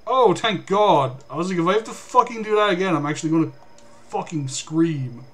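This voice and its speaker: A man streaming a horror game, cursing and yelling at the game in exasperation. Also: high voice, sing-song, normal speed. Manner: swearing, exasperated outbursts at the game. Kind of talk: casual gameplay commentary.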